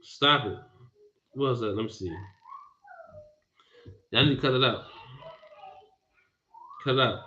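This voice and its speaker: Forceful scolding man preaching. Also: mid-range voice, unhurried, long pauses. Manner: emphatic, repeats phrases, scolding. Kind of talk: bible teaching sermon. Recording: dull lo-fi recording.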